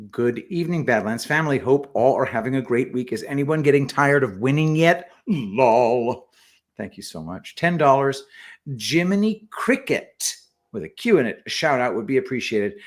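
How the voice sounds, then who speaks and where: A man co-hosting a casual livestream, reading viewer messages aloud and adding quick remarks. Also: mid-range voice. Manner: reads super chats aloud with quick asides. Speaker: co-host reading donor messages.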